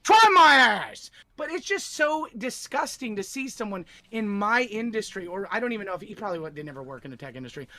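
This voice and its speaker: A man's voice: high voice, animated, quick pace, few pauses, bright, forceful tone, dry recording, clean studio sound. A man ranting profanely on a livestream panel, sneering and mocking the person he is angry at. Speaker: tech streamer on a panel. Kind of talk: livestream rant.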